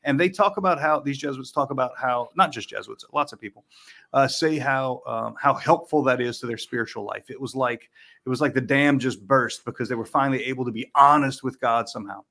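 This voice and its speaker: A man of mid pitch talks things through in an easy, conversational way, reaching for homely comparisons to make his point. He restarts phrases often and breaks into a light laugh now and then. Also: a little fast, a bit bright. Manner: thoughtful, analogy-rich, with frequent restarts and light laughs. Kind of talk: conversational explanation.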